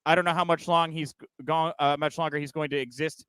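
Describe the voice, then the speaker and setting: A man's voice: a little high, fairly even intonation, fast talker, fairly bright tone, smooth, no echo. A man hosting a news podcast in casual chat, with joking, sarcastic asides. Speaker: podcast host.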